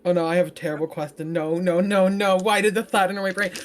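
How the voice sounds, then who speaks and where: A woman's voice: fairly low pitch, little pitch movement, fast talker, faint music behind. A woman playing a tabletop game, rambling and giggling as she thinks aloud. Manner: giggly, rambling, self-questioning. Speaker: player. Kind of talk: casual tabletop game chat.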